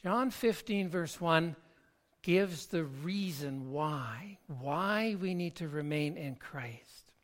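Slow, halting pastor preaching a sermon. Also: medium pitch, lively intonation. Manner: slow, halting delivery with frequent word repeats.

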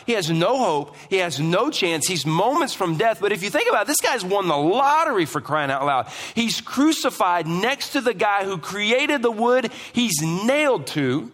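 A man's voice: sits high, fairly bright tone. A man preaching a sermon as pastor, emphatic and asking the congregation questions, in a church hall. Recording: long hall reverb.

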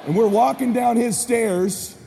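A motivational speaker tells an audience a childhood story, animated and acting out voices with shouts. His voice is very high, creaky and slightly rough at a measured pace, recorded in a reverberant hall with faint ambience.

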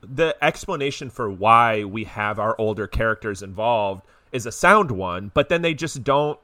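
Man podcast co-host, bright dry voice. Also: fairly low pitch, lively intonation, normal speed, no echo. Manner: conversational, hedging with fillers. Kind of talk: casual chat.

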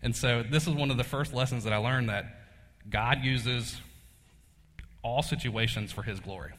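A man's voice: mid-range voice, normal speed, a bit bright. A man, preaching a casual sermon and telling a personal story in a folksy way, laughing often. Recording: long hall reverb.

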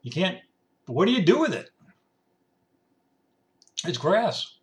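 A man's voice: sits high, big pitch swings, slow, recorded from a distance. Sarcastic rambling man ranting. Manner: sarcastic, mimics complainers in grumbling voices; rambling with restarts and repetition. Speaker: commentator. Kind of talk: casual ranting monologue.

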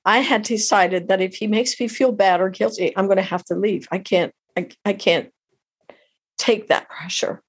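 A middle-aged woman tells an emotional personal story as an interview guest, halting and heartfelt, often restarting her sentences. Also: mid-range voice, fairly even intonation, breathy edge.

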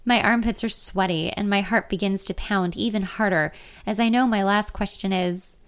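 A woman's voice: medium pitch, fairly even intonation, normal speed, clean tone. A young woman narrating a first-person audiobook in a nervous, confessional inner voice.

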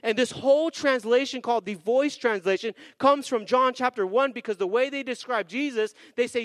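A male pastor delivers an energetic sermon, his voice sitting unusually high for a man. He drives home points with call-and-response and slows down on key phrases. The sound is dry and close, with little room around it. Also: no room sound. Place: church sanctuary.

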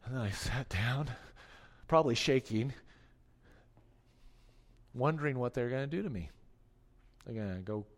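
A middle-aged man preaching a sermon, telling stories that swing from hushed asides to forceful declarations. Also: medium pitch, lively intonation, measured pace, pauses often, in a large hall. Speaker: pastor.

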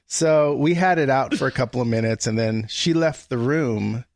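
A man's voice: medium pitch, normal speed, no echo. Man telling a story, dry close sound. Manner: animated anecdote-telling, acts out quoted dialogue. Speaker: guest. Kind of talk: casual storytelling conversation.

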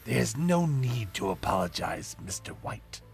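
A man voicing a calm, polite male demon mentor who speaks slowly and courteously in a storybook reading. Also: fairly low pitch, vocal fry, soft background music, full character voice.

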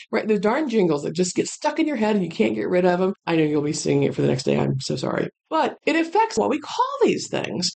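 A middle-aged woman kennel owner talks casually and at length, wandering into asides as she goes. Her voice has a gravelly, creaky texture and sits at an ordinary pitch. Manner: chatty, rambling, lively asides. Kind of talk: casual storytelling monologue.

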